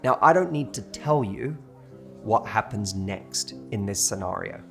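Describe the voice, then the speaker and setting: A man's voice: fairly low pitch, lively intonation, measured pace, vocal fry, fairly bright tone, faint music behind. A man with a British accent giving relationship advice straight to camera and telling a story to make his point. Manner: storytelling, acts out quoted waiters. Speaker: dating coach. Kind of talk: direct-to-camera advice talk.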